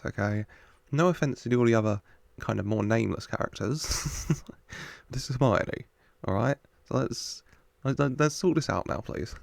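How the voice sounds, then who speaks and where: A man's voice: fairly high pitch, gravelly, a little mellow, no room sound. A man hosting a casual film reaction, chatty, joking with the screen and laughing often. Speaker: reaction video host.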